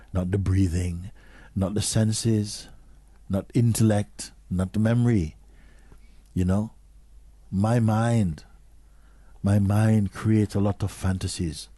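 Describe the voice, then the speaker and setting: Low mellow guy, husky, spiritual talk, slow and questioning, dry sound. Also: dry recording. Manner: slow, questioning, drops to a near whisper. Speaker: spiritual teacher.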